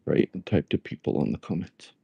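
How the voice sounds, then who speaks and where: A man chatting casually on a livestream from a library, relaxed and halting as he thinks aloud. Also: no echo, muffled recording. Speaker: livestream host. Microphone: tablet.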